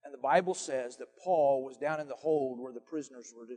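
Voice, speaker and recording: Older man, pastor, sermon, folksy storytelling, soft then emphatic, mellow tone. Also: medium pitch, fairly quick, long reverb tail.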